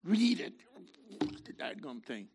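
A man preaching a sermon in a theatrical way, acting out voices and swinging from shouts to hushed asides. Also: on the high side, very animated, slow pace, noisy background.

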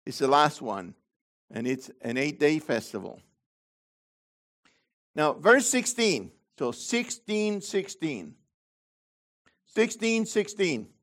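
A man preaching a sermon as pastor, swinging between loud high emphasis and low quiet asides. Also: big pitch swings, slow, pauses often.

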